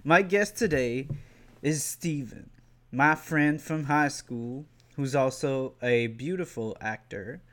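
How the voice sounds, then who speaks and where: Slow-talking man hosting a podcast. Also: mid-range voice, fairly bright tone. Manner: halting, filler-heavy speech. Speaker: podcast host. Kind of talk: casual chat.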